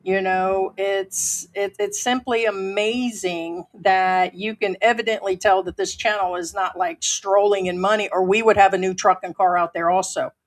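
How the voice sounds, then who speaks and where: A woman's voice: medium pitch, fairly even intonation, normal speed, few pauses. A woman hosting a casual live stream from home, talking bluntly and swearing freely as she reads viewer comments.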